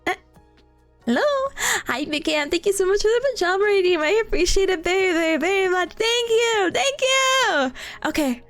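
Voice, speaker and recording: A woman's voice: very high voice, expressive, normal speed, a bit bright, faint music behind. A young woman streaming live in a casual chat, who giggles and laughs often. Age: young adult.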